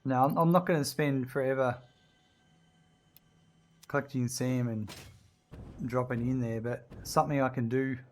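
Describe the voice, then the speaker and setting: A man's voice: medium pitch, fairly even intonation, fairly quick, few pauses, slight background noise. Male streamer, casual rambling chat over gameplay, reads chat aloud. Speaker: game tutorial streamer. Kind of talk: casual chat while playing.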